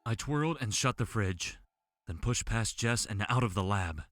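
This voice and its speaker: Horror narrator, male, low register, tense and dramatic, soft music underneath. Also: animated, moderate pace.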